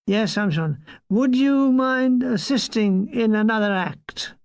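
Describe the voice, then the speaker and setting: A man's voice: sits high, slow, clear, resonant tone, no room sound. A man voicing a hyperactive balding showbiz promoter in his thirties, all eager salesman patter.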